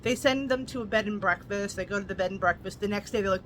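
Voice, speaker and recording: A woman's voice: mid-range voice, fast talker, a bit bright, a little hiss or hum, low-quality recording. A woman casually recapping and reviewing a novel, chatty, with lots of "like" and blunt asides. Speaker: book reviewer.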